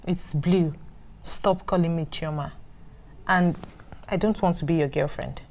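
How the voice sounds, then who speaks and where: A woman's voice: fairly low pitch, unhurried, slight background noise. An actress playing a blunt, commitment-shy young woman who talks in curt, dismissive lines. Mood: firm. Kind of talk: film drama acting. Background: soft film score.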